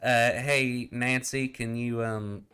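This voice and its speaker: A man voicing a nervous male townsman in a tabletop game, hesitant and full of pauses. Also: medium pitch, fairly even intonation, pushed and bright, clean tone.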